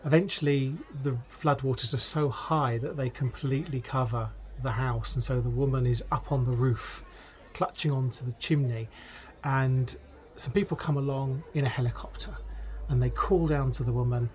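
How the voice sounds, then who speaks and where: A man hosting a podcast, telling stories in a relaxed, wry way. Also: mid-range voice, moderate pace. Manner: relaxed and wry, laughs at his own jokes. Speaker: podcast host. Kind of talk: conversational podcast storytelling.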